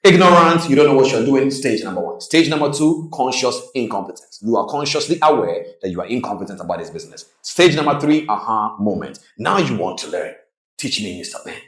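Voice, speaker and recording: A man coaching traders in a motivational presentation, telling stories with lively delivery and acting out the people in them. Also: mid-range voice, fairly quick, few pauses, roomy sound, poor audio. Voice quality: animated storytelling, acts out quoted voices. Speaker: trading coach.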